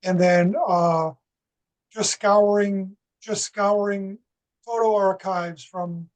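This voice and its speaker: A man's voice: sits high, fairly even intonation, slow, low-quality recording. A man, an author, answering audience questions thoughtfully with some hesitation. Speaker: author presenting his work.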